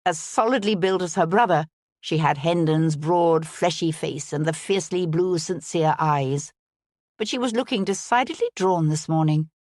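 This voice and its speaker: A woman narrating an audiobook in an even, measured reading style. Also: sits low, no room sound, clean studio sound. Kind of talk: scripted narration.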